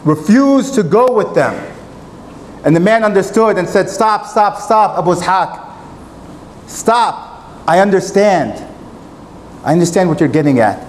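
Male preacher, high-pitched, earnest sermon delivery with faint background noise. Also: expressive, unhurried, long pauses, low-quality recording. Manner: earnest, retelling a story with quoted dialogue. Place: mosque.

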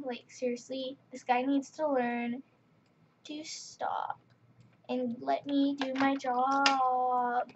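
A woman with a high voice talks her way through a game at an unhurried pace, chatty and easily annoyed. Her voice comes through a dull, lo-fi mic, with faint keyboard clicking behind it. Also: level tone, background noise. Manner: chatty, exasperated running commentary. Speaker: gaming channel host. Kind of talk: casual game commentary.

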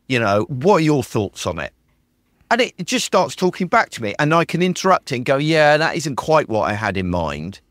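Man, British accent, enthusiastic podcast host, lively pitch, dry sound. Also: no room sound. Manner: enthusiastic, animated, acts out his own typed prompts. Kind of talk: casual chat.

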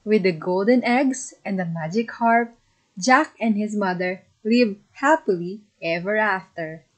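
A woman narrating a children's fairy tale in a slow, simple storybook manner. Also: medium pitch, rough recording.

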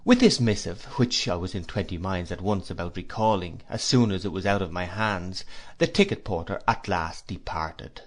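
Guy reading a classic novel aloud in first person, low voice, measured and expressive. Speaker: audiobook narrator. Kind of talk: first-person storybook narration.

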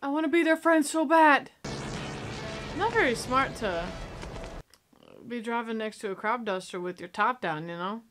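A young woman hosting a movie reaction, in sassy, excitable casual commentary that talks back to the screen. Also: on the high side, moderate pace, pauses often, over music. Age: young adult.

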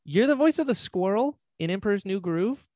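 A man hosting a podcast interview in a casual, enthusiastic way. His pitch moves around a lot, and he reacts quickly to his guest. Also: animated, darkish tone. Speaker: podcast host.

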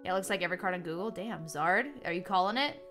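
A young woman streaming live, chatting casually and excitably as she opens trading cards and reads chat aloud. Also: fairly low pitch, racing, music in the background.

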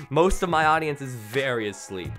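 A man streaming a video game late at night, tired and rambling, with sudden bursts of shouting. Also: mid-range voice, very animated, moderate pace, soft background music. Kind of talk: live gameplay commentary.

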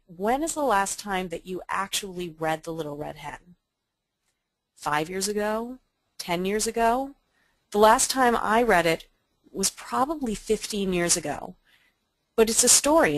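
A woman's voice: medium pitch, big pitch swings, normal speed, no room sound, rough recording. A woman giving a webinar presentation in an earnest, enthusiastic way.

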